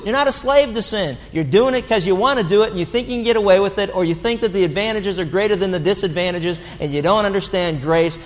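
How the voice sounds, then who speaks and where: Male pastor with a high voice, preaching bluntly and animatedly in a reverberant church hall. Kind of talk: sermon.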